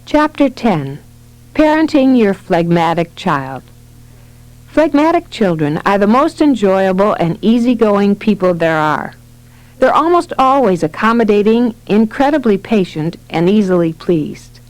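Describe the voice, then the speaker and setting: A woman narrating a nonfiction parenting book in a steady, expressive reading voice. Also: mid-range voice, unhurried, dry recording, low-quality recording. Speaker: audiobook narrator.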